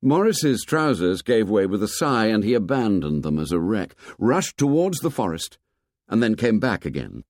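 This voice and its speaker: A man narrating a novel in a measured, expressive storytelling manner. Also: fairly low pitch, no echo, studio quality. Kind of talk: audiobook narration.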